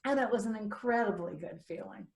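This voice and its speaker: A middle-aged woman co-hosting a talk show, telling a personal story in a lively way and acting out what she said back then. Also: medium pitch, fairly quick, gravelly. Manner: animated, self-quoting, restarts mid-sentence. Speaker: co-host. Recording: roomy echo.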